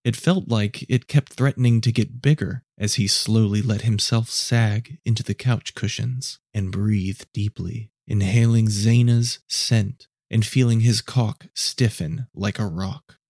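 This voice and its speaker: A man narrating a scripted story in a measured, low-key way. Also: darkish tone, no room sound, clean studio sound.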